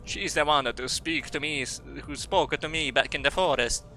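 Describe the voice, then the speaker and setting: A man's voice: a little high, moderate pace, sharp tone, soft background music. A young man streaming a game, reading its dialogue aloud with stumbles and silly asides.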